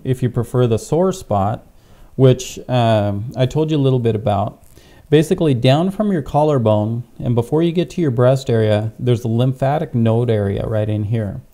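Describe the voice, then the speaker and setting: A pastor with a dark, gravelly, mid-range voice teaches a tapping technique in an instructional demonstration. He's patient and goes step by step, checking in often with "okay?", recorded on a clip-on mic.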